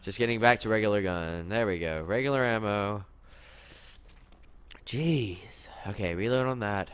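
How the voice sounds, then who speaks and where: A young man commentating on his own gameplay, excitable, yelping and complaining at the game as he plays. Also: on the low side, a little slow, slight background noise. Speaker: gaming commentator.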